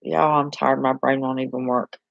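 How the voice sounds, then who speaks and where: A woman's voice: a bass voice, level tone, moderate pace, gravelly, no echo, lo-fi sound. A woman with a Southern American accent chatting casually on a live stream, reading and answering viewer comments in a homey, talkative way and laughing easily. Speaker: channel host reading live chat.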